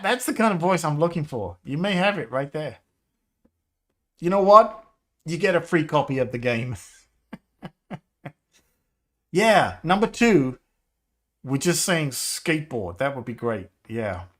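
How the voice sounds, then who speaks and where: A man in his fifties chatting casually on a live stream, rambling, nostalgic and quick to laugh. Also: fairly high pitch, sing-song. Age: 50s. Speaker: game developer livestreamer.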